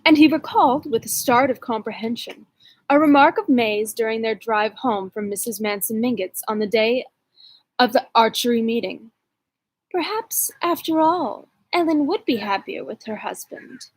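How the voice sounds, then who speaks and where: Woman audiobook reader, husky, slightly high, relaxed chatty asides. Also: normal speed, no echo, rough recording. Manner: chatty asides to her dog. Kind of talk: reading a classic novel aloud.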